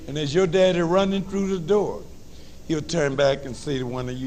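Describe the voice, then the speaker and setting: A man with a New Orleans accent giving a lively motivational talk to high school students, with call-and-response and humor. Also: moderate pace, slight background noise. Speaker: motivational speaker.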